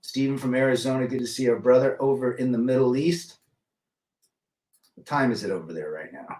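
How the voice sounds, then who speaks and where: A middle-aged man with a medium-pitched, slightly mellow voice speaks briskly while hosting a casual livestream. He calls out chatters by name and gives blunt takes. The audio has a roomy echo from a distant mic.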